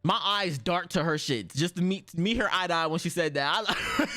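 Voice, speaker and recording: A young man streaming, telling a story in casual chat with lots of swearing, swinging from loud outbursts to low mutters. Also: moderate pace, few pauses, dry recording, soft background music.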